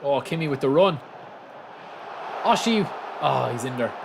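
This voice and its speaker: A man's voice: mid-range voice, a little slow, vocal fry, noisy background. Chatty Irish man commentating his game. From south of Ireland. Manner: chatty, bursts into excited shouts. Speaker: streamer. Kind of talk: casual gameplay commentary.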